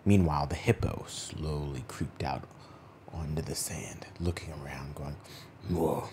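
A man telling an improvised children's bedtime story, often dropping into a hushed whisper for suspense. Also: very deep voice, steady tone, measured pace, a little hiss or hum.

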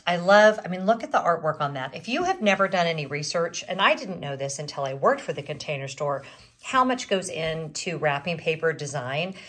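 A middle-aged woman with a light Southern US drawl talks through her shopping finds in a relaxed vlog. Her voice sits somewhat low, and she rambles, restarting sentences and wandering off on asides. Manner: rambling, self-interrupting. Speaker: vlogger. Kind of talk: casual vlog chat.

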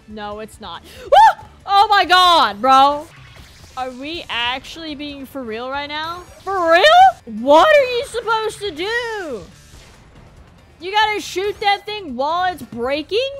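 A woman's voice: high-pitched, bright, forceful tone. A woman giving exasperated, exclaiming let's-play commentary, often calling out "bro". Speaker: gamer.

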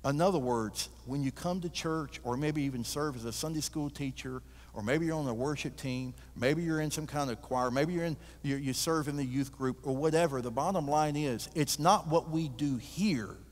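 A man preaching a sermon as a guest preacher, with a folksy, animated storytelling manner. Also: on the high side, moderate pace. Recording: reverberant church sanctuary.

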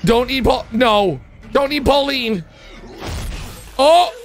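A man reacts to cartoons with an exclaiming, excitable delivery. His voice sits very high and swings widely in pitch. Cartoon music runs clearly underneath. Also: slow. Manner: exclaiming, frequent shouts and laughs. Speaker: video reactor. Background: cartoon music and sound effects.

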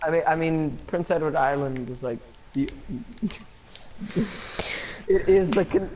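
A man's voice: on the high side, measured pace, a little mellow, dull audio, slight background noise. A man chatting playfully and laughing while gaming online, often tripping over his words. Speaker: gamer in party chat. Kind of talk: casual gaming chat.

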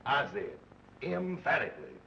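An actor playing a slow, deadpan roommate who sleepwalks, in a 1940s film comedy. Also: male voice, a little high, gravelly, exaggerated voice. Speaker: comic film character. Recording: dull old film soundtrack with faint hiss.

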